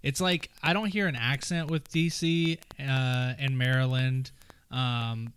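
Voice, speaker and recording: A man's voice: mid-range voice, steady tone, slow pace, fairly bright tone, clean tone. A man co-hosting a podcast who chats casually and rambles, joking and acting out silly voices. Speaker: podcast co-host.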